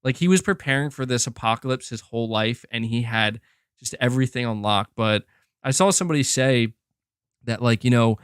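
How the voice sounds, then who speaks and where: A man's voice: mid-range voice, brisk, clear, resonant tone, dry recording, studio quality. A young man hosting a gaming podcast, casually rambling in reply to chat comments with many restarts and "bro". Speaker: podcast host reading chat.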